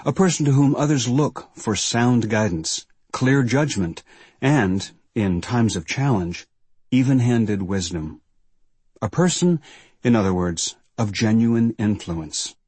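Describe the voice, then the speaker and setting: Husky man reading a formal preface. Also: medium pitch, lively intonation, slow, darkish tone, no room sound. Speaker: reader of the authors' preface. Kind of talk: scripted narration.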